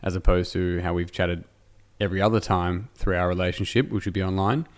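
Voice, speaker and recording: A man from Australia hosts a podcast interview, his voice sitting very low. He talks in a loose, rambling way, poking fun at himself as he goes. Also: fairly even intonation, fairly quick. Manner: rambling, self-deprecating, jokey. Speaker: podcast host. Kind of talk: casual interview chat. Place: indoor room, in person.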